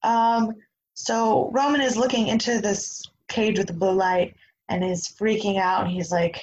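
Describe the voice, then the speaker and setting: A woman co-hosting a podcast, casually recapping a TV episode with quick asides. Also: medium pitch, a little mellow, highs cut off, a little hiss or hum. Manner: chatty, quick asides, acts out quotes. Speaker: podcast co-host.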